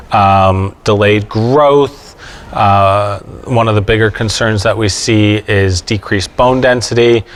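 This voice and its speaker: Low-voiced man explaining on a panel. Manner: plain, patient explaining with frequent fillers and check-ins. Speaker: epileptologist speaking on an expert panel. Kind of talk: explanatory panel talk to families. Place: event panel before an audience.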